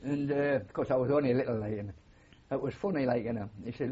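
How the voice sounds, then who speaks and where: An elderly man with a Geordie accent reminisces in a rambling, anecdotal way, full of "uh" and "you know". His voice is husky and mellow. The recording is dull and lo-fi. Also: mid-range voice, fast. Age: older. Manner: rambling anecdotal storytelling with frequent fillers. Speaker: war veteran interviewee. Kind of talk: oral history interview.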